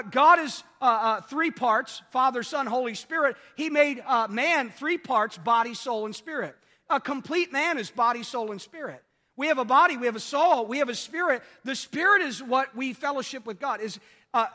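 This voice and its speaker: A man's voice: extremely high pitch, expressive, a little fast, bright, forceful tone. A man preaching a sermon, repeating key phrases and checking in with the congregation. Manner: repetitive call-and-response preaching, asks "are you with me". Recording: long hall reverb.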